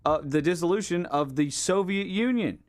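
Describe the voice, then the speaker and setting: A man's voice: high-pitched, animated, normal speed. A man joining in casual banter on a radio talk show, playful and jokey.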